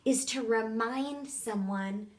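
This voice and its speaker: Soft-spoken, affirming woman co-host. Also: a little high, slow pace. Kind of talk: casual faith conversation.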